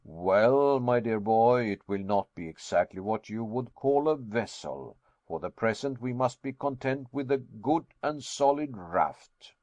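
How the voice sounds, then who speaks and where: A man doing a booming, lecturing old professor. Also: expressive, measured pace, hardly any pauses, darkish tone, no room sound, dull audio, natural voice. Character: confident learned older male professor.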